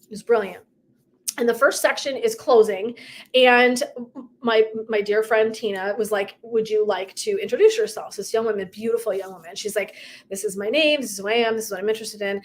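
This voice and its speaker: A woman's voice: medium pitch, steady tone, brisk. A middle-aged woman coach talking casually and emphatically to her viewers, with asides and tangents. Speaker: purpose and legacy coach. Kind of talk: casual motivational talk to viewers.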